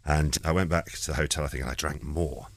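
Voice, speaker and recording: A man's voice: a bass voice, fairly even intonation, fast talker, dry recording, clean studio sound. A man, a comedian guest, telling rambling stories in an interview and acting out the quoted lines. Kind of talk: anecdotal interview chat.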